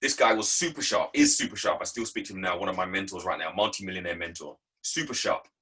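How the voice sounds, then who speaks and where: Speaking quickly in a low, bright, forceful voice with a breathy edge, an English man gives a motivational talk as a guest speaker on a video call. He tells stories from his working life emphatically and repetitively, and the recording quality is low.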